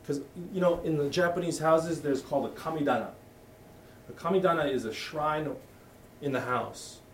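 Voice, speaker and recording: Gravelly-voiced pastor preaching a sermon. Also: male voice, a little high, normal speed, slight background noise. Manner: candid, conversational, with frequent restarts. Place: church hall. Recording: echoey room, voice from a distance.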